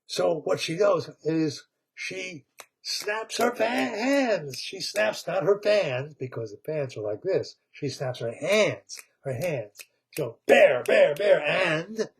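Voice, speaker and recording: A man retelling a cartoon story in a rambling, animated way, laughing as he goes. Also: fairly high pitch, slightly rough. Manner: rambling, animated, laughs at his own tale.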